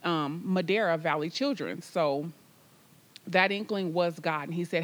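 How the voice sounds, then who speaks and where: Lower-pitched woman, guest, emphatic storyteller sharing her faith testimony. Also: unhurried.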